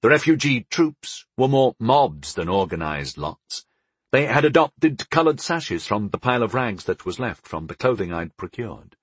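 A man narrates a fantasy novel in the first person with an expressive storytelling manner. His voice is husky and moves a lot in pitch, recorded dry and close. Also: moderate pace, dry recording. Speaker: audiobook narrator.

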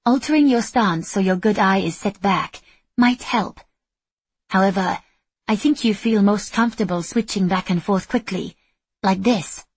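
A woman voicing a composed female sword mentor who speaks in a measured, instructive way. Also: medium pitch, husky, dry recording.

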